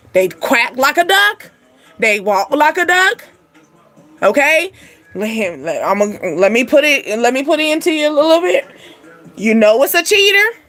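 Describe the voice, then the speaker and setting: A young adult woman hosting a casual spiritual card reading, chatty and animated, laughing often and using slang. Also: high voice. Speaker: spiritual reading channel host.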